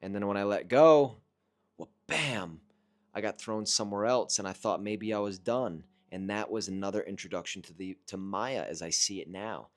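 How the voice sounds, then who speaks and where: A man with a somewhat low voice tells a personal story straight to camera. His delivery is earnest and reflective, casual rather than scripted, and he often breaks off to restart a sentence. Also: moderate pace. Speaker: vlogger recounting a personal experience.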